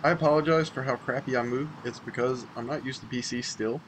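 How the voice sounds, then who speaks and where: A man's voice: mid-range voice, fairly even intonation, fairly quick, fairly bright tone, a little hiss or hum, poor audio. A young man chatting casually as he plays through a horror game, self-deprecating and chatty. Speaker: let's play host. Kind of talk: casual gameplay commentary.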